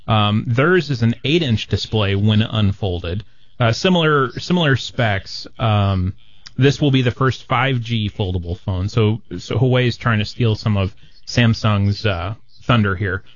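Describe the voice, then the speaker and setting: A man on a radio talk show explaining new phones from his notes in a casual, halting way. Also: lowish voice, no room sound, lo-fi sound. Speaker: tech guest on radio show.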